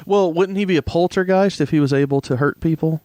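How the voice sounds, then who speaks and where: A man's voice: fairly high pitch, brisk, warm tone, dry recording. A man with a Southern American accent, co-hosting a podcast with joking, sarcastic banter. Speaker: podcast co-host. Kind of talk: casual chat.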